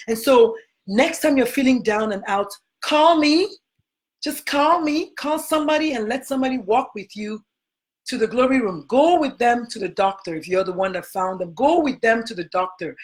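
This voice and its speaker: A woman with a Nigerian accent, a physician hosting a motivational talk, who speaks emphatically and repeats her key phrases. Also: fairly high pitch. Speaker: physician host.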